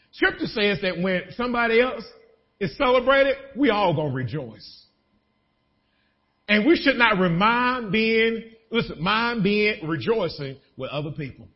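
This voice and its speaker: A man preaching a sermon as pastor, animated, breaking into shouts of joy. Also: high voice, muffled recording.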